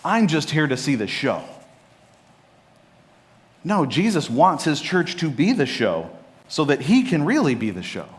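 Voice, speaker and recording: A man preaching a sermon as pastor, telling a Bible story with lively acted-out lines. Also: fairly high pitch, unhurried, long pauses. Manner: animated storytelling, acting out Bible characters' lines. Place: church sanctuary.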